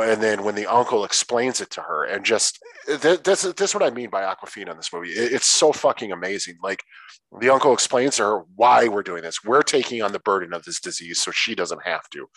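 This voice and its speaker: A man in a casual film-discussion chat, relaxed and swearing freely, stretching out words for emphasis. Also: fairly low pitch, brisk, rough recording.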